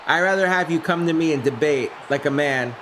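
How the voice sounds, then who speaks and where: Excitable man calling a game live. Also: fairly high pitch, brisk, slight background noise. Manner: excitable, bursts up on big plays, chats loosely with viewers. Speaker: streamer commentating a simulated game. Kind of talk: live-stream play-by-play with chat replies.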